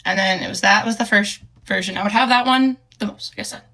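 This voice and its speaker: A young woman with a bright, forward voice recounts a personal story in a casual way. She talks haltingly, stops and restarts often, and sounds earnest and emotional. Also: medium pitch. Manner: halting, hesitant, with many fillers and restarts.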